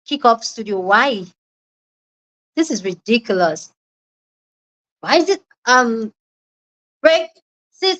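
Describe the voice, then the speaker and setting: A woman hosts a casual live stream from her room at home. Her voice sits fairly high, and she gets excitable, breaking into squeals and shouts when she is excited. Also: low-quality recording. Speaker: livestream host.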